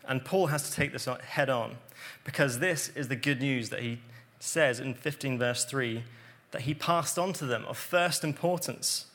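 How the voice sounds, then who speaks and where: Speaking at a measured pace with hardly any pauses, this medium-pitched man delivers a sermon. His scripture explanations are earnest, and he drops his voice quietly to stress important points.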